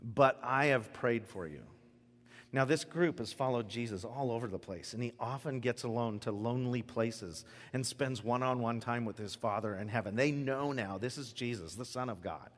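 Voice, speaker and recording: A pastor giving a sermon with lively, animated delivery that swings between hushed reflection and loud emphasis. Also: male voice, mid-range voice, moderate pace, few pauses. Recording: long reverb of a large hall.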